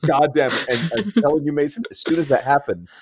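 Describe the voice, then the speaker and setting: A fast-talking male podcast co-host tells a story in a casual chat, leaning heavily on "like" and "and whatnot." He's animated, laughing and acting out quoted lines with big jumps in pitch, over a little hiss or hum.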